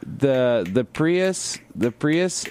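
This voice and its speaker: A young man co-hosting a podcast, giving deadpan, absurd replies in casual chat. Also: mid-range voice, very slow, noisy background. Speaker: podcast co-host.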